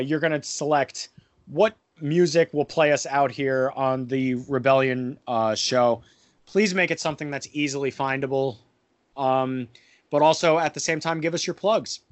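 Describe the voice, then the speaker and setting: A man's voice: medium pitch, measured pace, dry recording. Rambling male podcast host, dry sound. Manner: rambling with many fillers, crude jokes. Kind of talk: casual podcast chat.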